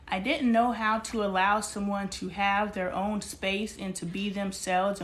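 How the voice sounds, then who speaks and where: A woman's voice: medium pitch, slight background noise. A woman hosting a live stream, musing aloud about friendship and asking her listeners questions. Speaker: livestream host. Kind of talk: reflective casual monologue.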